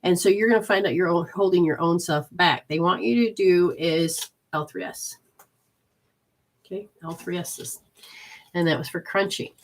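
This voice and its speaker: A woman's voice: on the low side, moderate pace. Rambling woman giving live readings. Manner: rambling, many restarts, switches into quoted voices. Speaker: intuitive healer giving readings to viewers. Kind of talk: live reading session, casual talk.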